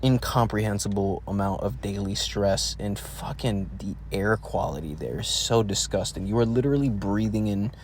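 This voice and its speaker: A man's voice: on the low side, slight background noise. A young man rambling through a profane solo monologue, full of restarts and rants. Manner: profane, meandering, ranting with frequent restarts. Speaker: solo podcast host.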